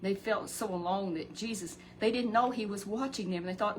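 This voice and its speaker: An older woman telling a children's Bible story in a folksy, animated way, often addressing a listener by name and repeating herself. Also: medium pitch, moderate pace, hardly any pauses, a little hiss or hum, rough recording.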